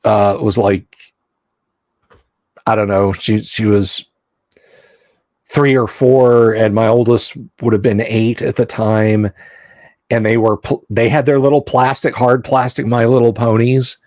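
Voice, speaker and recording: This is a middle-aged man hosting a casual home live stream, talking in a rambling way full of fillers and restarts. His voice sits at an ordinary pitch and sounds close and dry, with no room around it. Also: fairly even intonation, unhurried, pauses often, no room sound. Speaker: stream host.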